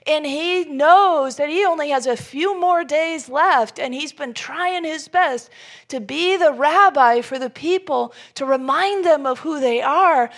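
Gravelly-voiced woman preaching a sermon. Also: high voice, measured pace. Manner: animated storytelling, acting out Jesus' lines; swings from loud emphasis to soft near-whispers. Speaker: pastor.

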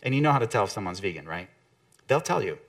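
A man's voice: on the low side, very animated, fast talker, heavy background noise. A man giving a conversational motivational talk to an audience, often acting out quotes from other people.

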